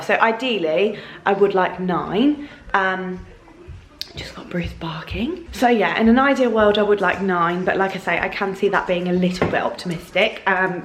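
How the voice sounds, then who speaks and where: A young woman talking frankly to camera at home in a casual vlog, with many ums. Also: on the low side. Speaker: vlogger. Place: at home, indoors. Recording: echoey room.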